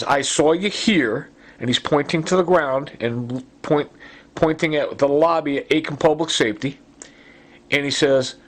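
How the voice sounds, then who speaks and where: A man in an urgent, rambling monologue, accusing people and stacking fillers and asides as he talks. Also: medium pitch. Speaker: self-recorded complainant. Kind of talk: agitated monologue.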